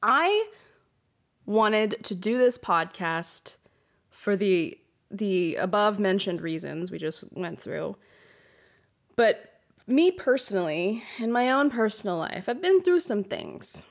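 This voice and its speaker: A woman's voice: mid-range voice, very animated, slow pace, creaky. A woman hosting a solo podcast, talking frankly and emotionally, swearing freely and getting worked up. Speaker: podcast host. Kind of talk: candid solo podcast monologue. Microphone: podcast microphone.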